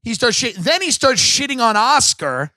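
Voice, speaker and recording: Male podcast host, high bright voice, profane sarcastic rambling rant, close dry sound. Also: very animated, moderate pace, no echo. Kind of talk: comedic ranting monologue. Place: home podcast set.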